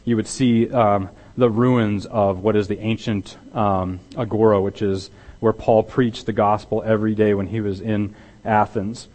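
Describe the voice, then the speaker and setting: A man preaching a sermon as pastor, emphatic and repeating words, swinging between loud stress and hushed intensity. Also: fairly low pitch, fairly even intonation, a little slow. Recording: long hall reverb.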